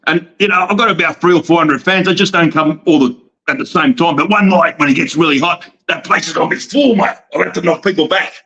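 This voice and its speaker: Australian man, brash wrestling promoter, high bright voice, dull lo-fi sound. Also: fast talker, husky. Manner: calls everyone mate, loud and cocky. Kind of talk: brash boastful banter.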